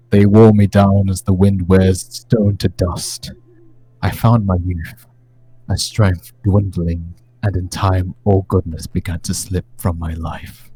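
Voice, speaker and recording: A man's voice: sits low, dark tone, breathy edge. A man reading as a brooding ancient vampire lord. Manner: solemn first-person diary reading. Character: ancient brooding male vampire lord recounting his woes.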